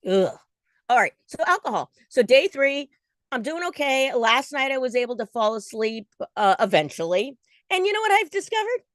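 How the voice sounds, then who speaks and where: A woman's voice: medium pitch, no room sound, studio quality. A woman in her forties chatting in a casual vlog, restless and self-deprecating, with lots of fillers. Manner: talks in restless bursts with many fillers. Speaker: vlogger.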